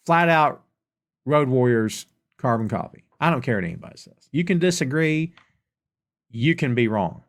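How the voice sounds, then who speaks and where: A man's voice: mid-range voice, animated, moderate pace. A man with a Southern US accent hosting a live question-and-answer podcast. He rants emphatically and casually, repeating lines for effect. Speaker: podcast host.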